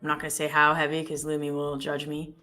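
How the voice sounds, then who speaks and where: A woman's voice: low voice, completely flat delivery, fast, bright, forceful tone, soft background music. A woman co-hosting a live trading stream, chatting casually and thinking aloud as she trades, often correcting herself mid-sentence.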